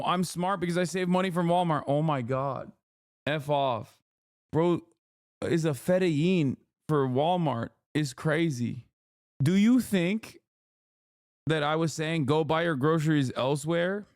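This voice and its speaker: A man's voice: fairly high pitch, lively intonation, slow, no room sound, clean studio sound. A man streaming, reacting to clips in casual commentary with a profane, exasperated rant.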